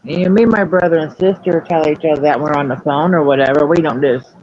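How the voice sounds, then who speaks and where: This woman talks fast in a low, darkish voice, rambling candidly through casual live-stream chat and frequently mocking herself. The recording has no echo, but the highs are cut off.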